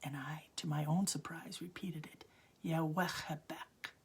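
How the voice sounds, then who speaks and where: A gravelly, husky woman in her sixties tells a story from her own life. Her low voice keeps slipping into a soft, breathy whisper. The delivery feels intimate and confiding. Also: steady tone, normal speed. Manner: drops often into a hushed whisper. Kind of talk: personal storytelling.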